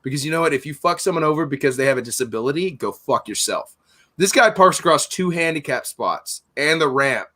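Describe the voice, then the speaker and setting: Casting: middle-aged man, forceful bright voice, profane and blunt, storytelling on a casual podcast. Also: on the high side, lively intonation, fairly quick. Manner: blunt, heated, swears constantly, acts out both sides of arguments. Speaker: podcast host, store owner.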